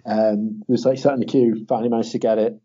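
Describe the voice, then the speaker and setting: Young man, casual podcast chat, animated storyteller, mellow husky voice. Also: fairly low pitch, quick pace. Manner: animated storytelling, acts out quotes in a raised voice, swears, laughs often. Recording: dull lo-fi audio.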